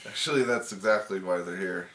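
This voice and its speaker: A man's voice: low voice, fairly quick, sharp tone. A man co-hosting a casual reaction chat. He drops dry, wisecracking asides. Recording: roomy home room.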